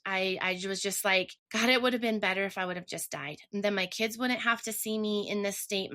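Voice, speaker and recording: A woman's voice: medium pitch, sharp tone. A woman telling her personal story earnestly and emotionally, often restarting her sentences. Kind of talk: personal testimony.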